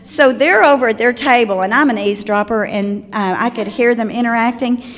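A woman's voice: fairly high pitch, a little fast. Older southern lady chatting to moms about manners, lots of little asides, sounds like a big echoey hall. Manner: chatty, warm storytelling with asides. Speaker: speaker on children's manners. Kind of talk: talk to parents. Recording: long hall reverb.

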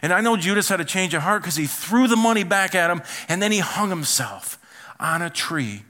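A man preaching a sermon as pastor, animated, acting out quoted voices and dropping to quiet asides. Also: high voice, a little fast.

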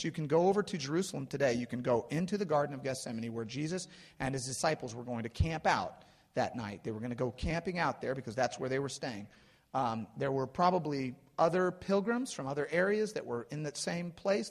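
Preaching man in a reverberant hall. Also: a little high. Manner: expressive, slows and swells when quoting scripture. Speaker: pastor. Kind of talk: sermon.

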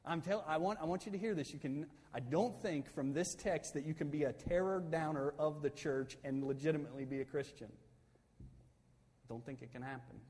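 A male pastor preaching a sermon, swinging from loud, emphatic peaks down to soft, quiet pleading. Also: on the high side, a little fast, breathy edge. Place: church sanctuary. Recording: long hall reverb.

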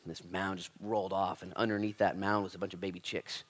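A man preaching a sermon as pastor, impassioned and casual, swinging from loud emphatic lines to hushed near-whispers. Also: low-pitched, level tone, quick pace. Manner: casual slangy address, says "dude" and "man".

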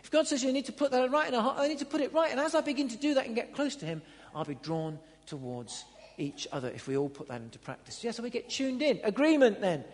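A man preaching a sermon in a church hall, earnest, swinging between loud emphatic lines and quiet low ones. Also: big pitch swings, quick pace. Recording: long hall reverb.

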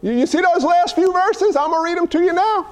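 A pastor preaches a fiery, animated sermon, calling out to the congregation for responses and tossing in folksy asides and loud exclamations. His voice is very high and fairly quick.

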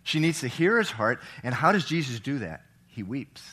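A middle-aged man preaching a sermon, swinging between loud, emphatic lines and hushed, soft reading, and asking the congregation questions. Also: medium pitch, sing-song, moderate pace, slightly rough. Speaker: pastor.

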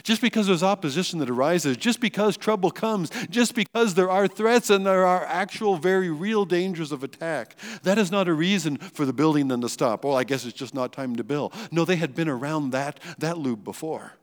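A man's voice: on the high side, normal speed, hardly any pauses. Emphatic preaching man in a reverberant church. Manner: earnest and emphatic, with rhetorical questions and repeated phrases. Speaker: pastor. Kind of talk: sermon. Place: church sanctuary.

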